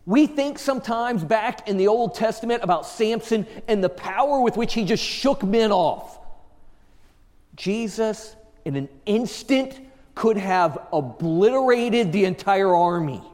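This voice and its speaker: A man preaching a sermon, telling the story dramatically and swinging from hushed low phrases to emphatic raised lines. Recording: long reverb of a large hall.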